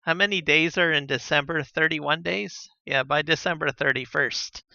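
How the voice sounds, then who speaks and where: A man chatting casually on a live gaming stream, relaxed and rambling with lots of fillers and soft chuckles, on a slightly dull lo-fi mic. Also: fairly high pitch, moderate pace, creaky, no room sound. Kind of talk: casual live-stream chat while playing.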